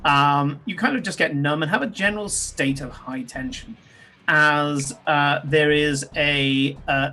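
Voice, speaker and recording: With a fairly high, sharp voice at a measured pace, a man narrates a tabletop game as its game master. His talk is loose and descriptive, full of fillers and restarts.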